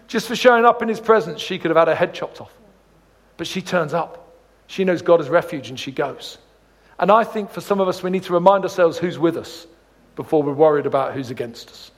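A man's voice: fairly high pitch, a little fast, in a large hall. A man giving a sermon as a guest preacher, telling funny stories between points of scripture. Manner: jokey, storytelling, animated asides. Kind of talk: sermon with humorous anecdotes.

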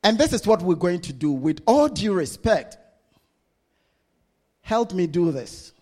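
Man, sermon, very high voice, lively, unhurried. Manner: slow, deliberate, leading the congregation with laughter. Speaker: preacher.

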